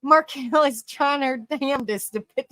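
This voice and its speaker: A woman's voice: high voice, measured pace, fairly bright tone, no echo. A woman hosting a casual livestream, reading viewers' comments aloud, laughing often and rambling through restarts, calling people honey and sweetie. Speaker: live stream host.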